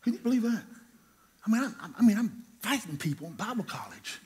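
A middle-aged preacher from North Carolina, his voice sitting a touch higher than most men's. He tells his story in an animated, joking way, acting out every quote. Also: a little fast, husky. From North Carolina, USA. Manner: animated, humorous, acts out quotes. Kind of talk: sermon storytelling.

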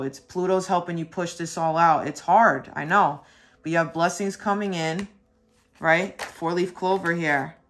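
A tarot reader talking straight to the viewer in an earnest, reassuring way. The speech is loose and casual, circling back with repeated asides. The voice sits at a middle pitch. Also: a bit bright. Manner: loose and repetitive, with many asides.

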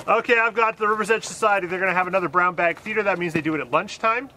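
A man's voice: high voice, rapid-fire, poor audio. A man co-hosting a local events show, reading listings outdoors in the cold and joking with his partner. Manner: joking, relaxed, self-deprecating. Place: outdoors in cold winter by a road.

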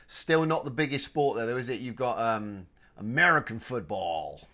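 A man's voice: mid-range voice, lively intonation, moderate pace, sharp tone. A British man co-hosting a comedy podcast, chatting casually with dry remarks. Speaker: podcast co-host. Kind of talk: casual banter.

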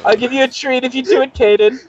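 Casting note: insistent male player, high voice, muffled lo-fi mic with a faint hiss. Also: steady tone, fast talker, no room sound. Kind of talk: playing a tabletop game.

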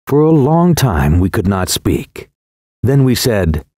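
A man narrating an audiobook in the first person with a slow, solemn and expressive reading. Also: fairly low pitch, no room sound, studio quality.

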